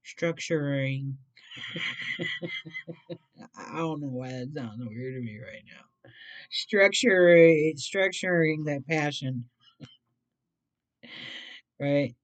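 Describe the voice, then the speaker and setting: A tarot reader giving a casual reading, rambling, repeating words and tripping over some. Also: mid-range voice.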